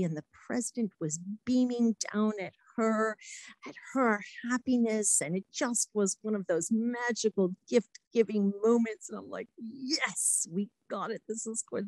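A middle-aged woman, a former diplomat, giving a talk full of lively anecdotes and acted-out quotes. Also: mid-range voice, vocal fry, dry recording, rough recording. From United States. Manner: lively anecdotes, acts out quotes, laughs often. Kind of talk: storytelling talk.

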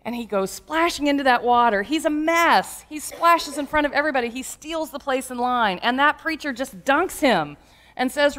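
A woman pastor delivering a sermon with lively, humorous storytelling. Her voice sits a little high for a woman, and she leans into the stories with playful asides. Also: moderate pace.

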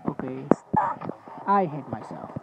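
A man's voice: mid-range voice, very animated, a little slow, highs cut off, loud music behind the voice. Sleepy, swearing man gaming. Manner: sleepy, swearing trash talk with self-mockery. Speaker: gamer. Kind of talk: gaming commentary. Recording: loud game noise underneath. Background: loud game sounds.

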